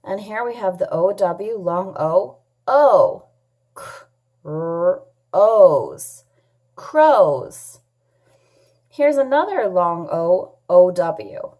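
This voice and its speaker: A woman teaching a children's phonics lesson, sounding out letters and words clearly and patiently, asking questions and answering them herself. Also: fairly low pitch, big pitch swings, extremely slow, long pauses, highs cut off. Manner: patient, asks and answers her own questions. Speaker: English teacher.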